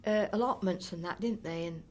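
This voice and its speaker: Fairly low in pitch and fairly quick, her speech carries slight background noise. She is an older oral history interviewee from North East Derbyshire in England who reminisces in a chatty, rambling style, frequently restarting and offering fond asides.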